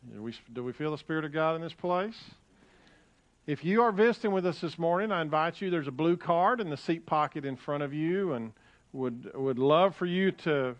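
A man preaching as a pastor in a church, talking in a folksy, conversational way with frequent restarts, and reading scripture with rising emphasis. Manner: rises in pitch and volume when reading scripture aloud. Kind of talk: sermon. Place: church sanctuary. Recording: dull, lo-fi sound.

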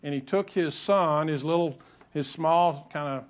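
A man's voice: fairly high pitch, measured pace. A male pastor preaching a sermon in a conversational way, repeating key phrases and adding light asides.

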